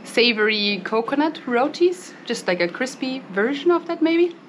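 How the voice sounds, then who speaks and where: A woman's voice: high-pitched, animated, normal speed, noisy background. A young woman co-hosting a casual vlog, chatty and playful as she tastes snacks and gives them ratings. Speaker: vlog co-host.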